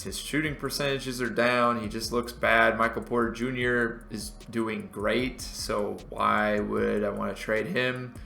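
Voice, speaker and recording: Gravelly, bright-voiced man commentating gameplay. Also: lowish voice, reverberant. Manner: chatty, thinking aloud, mildly exasperated. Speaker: gaming commentator.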